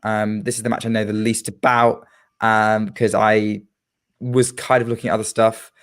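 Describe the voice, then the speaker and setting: A man's voice: on the low side, level tone, normal speed, clean tone. A man co-hosting a tennis podcast, talking casually and hesitantly with many filler sounds. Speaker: podcast co-host.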